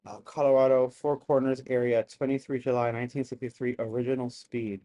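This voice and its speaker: A live-stream host casually reacting to old videos, excitable and chatty, bursting into loud exclamations and making apologetic asides to viewers. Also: mid-range voice, brisk.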